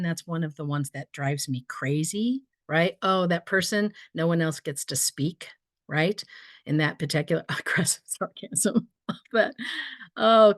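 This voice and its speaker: A woman's voice: lowish voice, dry recording, studio quality. Chatty Midwestern woman leading a workshop. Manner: upbeat, chatty, reacts to comments with laughs. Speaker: workshop presenter. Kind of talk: virtual workshop presentation. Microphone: video call.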